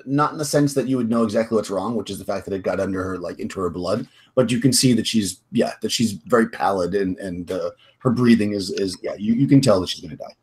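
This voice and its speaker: A man's voice: lowish voice, slightly rough. A man running a tabletop game as game master, narrating in a rambling way with many restarts. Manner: rambling, full of restarts and fillers.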